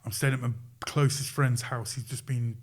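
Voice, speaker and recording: A man's voice: mid-range voice, moderate pace. A middle-aged man, a sports coach, telling a story as a podcast guest in a casual way, acting out the quoted lines with chuckles. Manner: lively retelling, acts out quoted lines, chuckles.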